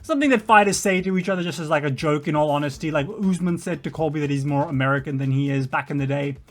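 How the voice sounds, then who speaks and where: A man's voice: on the high side, fast, soft background music. A man giving a rambling, casual reaction commentary. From Australia. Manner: rambling, chatty. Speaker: reaction video host.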